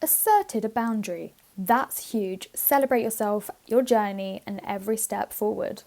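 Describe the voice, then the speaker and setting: Co-hosting a podcast, a woman reads out a list in casual, playful chat, laughing a lot and swearing without a second thought. Her mid-range voice is creaky and a little mellow, and she talks at a moderate pace.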